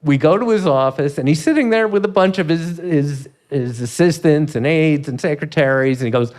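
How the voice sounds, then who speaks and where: A man in his sixties, a comedy writer telling stories in an interview, animated and laughing often as he acts out quotes. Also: on the high side, brisk. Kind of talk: storytelling in a podcast interview.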